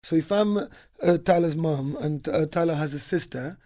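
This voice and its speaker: A man's voice: fairly high pitch, moderate pace, mellow. A man as guest in a casual book discussion, explaining ideas in long, hesitant sentences.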